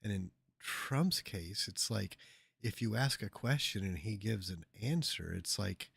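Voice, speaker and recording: Host: sarcastic ranting man, gravelly and raspy, dry close sound, mid pitch. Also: animated, a little slow, fairly bright tone, no echo. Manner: sarcastic, ranting, mocks by repeating. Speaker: livestream host. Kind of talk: mocking political commentary.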